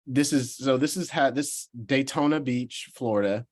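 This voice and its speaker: A young man from Georgia in the US tells a story in an animated way in a relaxed interview. His voice sits at an ordinary middle pitch. He laughs between lines and often restarts his sentences. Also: moderate pace. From Georgia, USA. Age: 20s. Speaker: professional baseball player guest.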